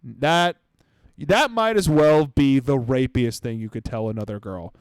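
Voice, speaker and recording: A man's voice: mid-range voice, a little slow, clean tone, dry recording. A young adult man hosting a comedy podcast, ranting sarcastically with lots of swearing and mocking impressions. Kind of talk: comedic rant.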